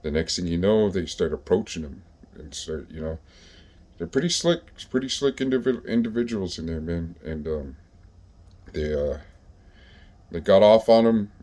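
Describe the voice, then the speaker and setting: A man with a very low, mellow voice tells stories from his own past in an easygoing way. His talk is rough and profane, and he keeps stopping for fillers as he thinks. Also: expressive, moderate pace, long pauses. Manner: profane, laid-back street talk with many fillers. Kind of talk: casual storytelling.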